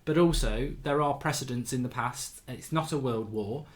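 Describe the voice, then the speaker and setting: A man's voice: medium pitch, normal speed. A man, hosting a casual livestream chat and telling rambling anecdotes full of restarts. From England. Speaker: show host.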